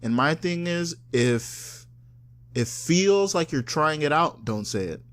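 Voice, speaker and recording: A man's voice: fairly high pitch, animated, slow pace, a bit bright. Podcast co-host, man from South Florida, casual and profane, slips into goofy impressions. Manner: loose, swearing, mimics people with voice changes.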